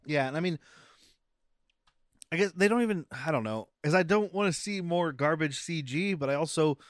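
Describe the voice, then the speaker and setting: A man's voice: fairly high pitch, normal speed, no echo. Man, podcast co-host, chatty scene-recapper, casual and profane, dry recording. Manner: animated storyteller, recaps scenes, swears. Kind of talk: casual movie-review chat.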